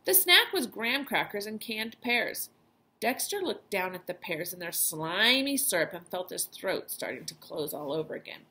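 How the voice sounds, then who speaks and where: A woman teacher reads a children's chapter book aloud, her storytelling voice rising and falling with lots of life. A gravelly, creaky texture runs through her even pitch. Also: moderate pace. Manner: expressive storytelling voice.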